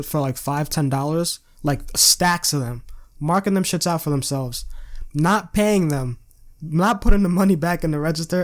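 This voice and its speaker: A young adult man telling a casual storytime with lots of slang and swearing, laughing as he goes. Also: on the high side. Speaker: vlogger.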